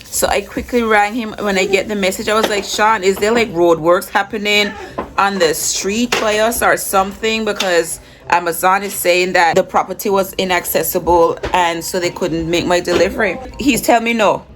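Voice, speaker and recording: Mom vlogging on her phone, rambly easy chat, car rumble in the background. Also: fairly even intonation, normal speed. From Jamaica, raised in Anguilla. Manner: chatty, rambling, talks to her kids between asides. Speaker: vlogger and mother. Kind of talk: casual vlog chat. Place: in a car, then at home. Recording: vehicle noise in background.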